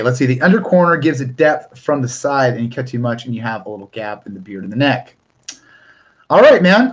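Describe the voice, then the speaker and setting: A young man from Northern California hosting a casual live stream, chatting loosely with viewers and often restarting his sentences. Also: medium pitch. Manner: chatty, rambling, with frequent restarts.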